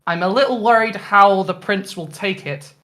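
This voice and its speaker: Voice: mid-range voice, moderate pace, fairly bright tone. A player in a tabletop game, asking questions in character. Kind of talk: tabletop game role-play.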